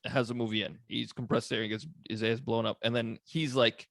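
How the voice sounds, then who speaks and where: A man's voice: mid-range voice, little pitch movement, a little fast, creaky, a bit bright, dry recording, clean studio sound. A young man co-hosting a podcast, talking about a movie in laid-back, joking chat, laughing often and swearing freely. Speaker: podcast co-host.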